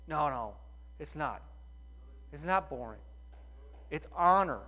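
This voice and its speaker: Middle-aged guy preaching a sermon, folksy, lots of rhetorical questions, kinda high voice. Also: animated, slow pace, sharp tone. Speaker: pastor.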